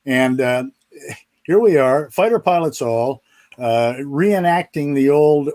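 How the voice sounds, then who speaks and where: A man's voice: fairly high pitch, animated, slow pace, darkish tone. An older man, a retired fighter pilot, telling folksy stories as a guest on a video call and chuckling through his restarts. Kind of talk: storytelling in a live interview.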